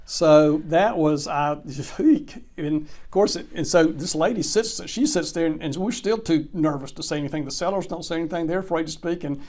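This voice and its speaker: Brief: male closing attorney, animated interview storyteller who voices each character. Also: a little high, normal speed, hardly any pauses. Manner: animated anecdote teller, acts out quoted dialogue. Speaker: real estate closing attorney.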